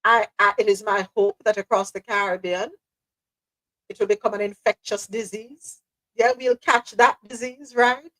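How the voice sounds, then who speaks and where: A woman's voice: mid-range voice, steady tone, moderate pace, fairly bright tone, rough recording. A woman hosting a live news podcast, speaking passionately and repeating phrases for emphasis. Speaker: host.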